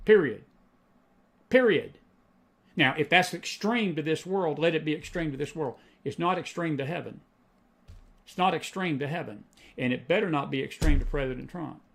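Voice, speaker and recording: A man's voice: fairly high pitch, brisk, vocal fry, fairly bright tone. A middle-aged man hosting a live faith and politics show, preaching in a folksy way, repeating lines for emphasis and answering chat comments.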